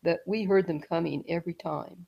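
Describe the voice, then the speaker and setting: A middle-aged woman telling a story as an interview guest, rambling, with restarts and soft laughs. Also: on the low side, fairly quick, creaky, lo-fi sound.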